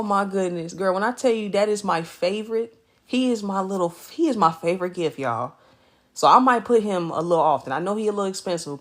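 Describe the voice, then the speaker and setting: A woman streaming live from her bed at home, greeting viewers by name in animated, slangy casual chat. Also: on the low side.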